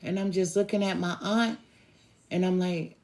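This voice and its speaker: A woman tarot reader telling a personal story to her viewers in a slow, drawn-out conversational way, with sighs. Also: fairly low pitch, steady tone, a little mellow.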